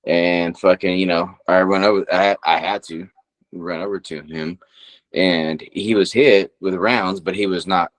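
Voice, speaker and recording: Guy on a podcast, real low voice, rambles and swears a lot telling stories. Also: steady tone, measured pace. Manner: profane, rambling storytelling. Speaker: podcast co-host. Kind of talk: casual chat.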